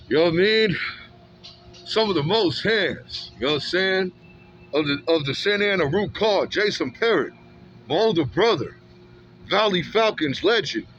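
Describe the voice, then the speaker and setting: A man's voice: sits high, expressive, moderate pace, fairly bright tone, lo-fi sound, soft background music. A man in an emphatic, repetitive, slangy street monologue, recorded outdoors. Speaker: street vlogger.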